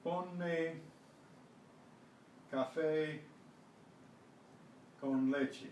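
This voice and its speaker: An older man teaches a language class at an unhurried pace, pausing to clear his throat. His voice sounds roomy and distant, as if caught by a mic across a classroom with faint noise behind. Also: a little high, fairly even intonation, darkish tone. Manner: slow, patient, clears throat often. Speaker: Spanish teacher. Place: classroom at a senior center.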